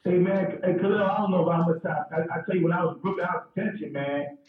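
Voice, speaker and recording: Fast-talking high-voiced New man, far off. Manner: animated, rambling, repeats words. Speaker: guest telling stories. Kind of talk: casual storytelling chat. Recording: echoey room, off-mic, dull.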